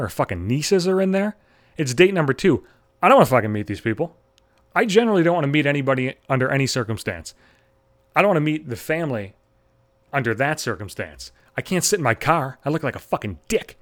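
A man in his thirties spins a profane, self-mocking story in a middling voice. He is neurotic and blunt, and he jumps into quick acted-out voices for the people he describes. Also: mid-range voice. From Buffalo area, US. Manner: self-deprecating, heavy swearing, animated acted-out quotes. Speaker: stand-up comedian.

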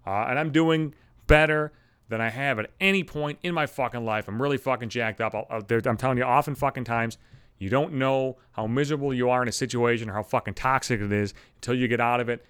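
A man rants bluntly into a microphone at home, swearing nonstop as he vents. His voice sits at an ordinary middle pitch, and the recording is dry and close, with no room sound. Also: a little fast, a bit bright, smooth, no room sound. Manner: heavy swearing, blunt, ranting. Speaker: podcast host. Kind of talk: solo profane rant. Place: home apartment, alone. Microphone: studio microphone.

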